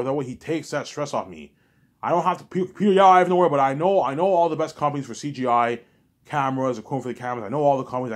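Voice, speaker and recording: Fast-talking husky man rambling. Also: medium pitch. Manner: repetitive, keeps saying "you know what I'm saying". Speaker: vlogger. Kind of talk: rambling spoken monologue.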